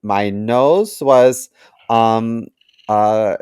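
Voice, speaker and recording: A man co-hosting a comedy podcast, telling crude jokes in a deadpan way with many fillers. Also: on the low side, drawn-out words, clean tone, no room sound. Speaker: podcast co-host. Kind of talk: crude casual podcast banter.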